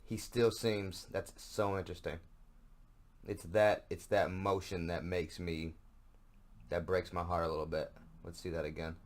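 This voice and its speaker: Deep-voiced, profane podcast host. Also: male voice, level tone, unhurried. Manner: profane, sarcastic, rambling. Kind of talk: casual solo podcast rant.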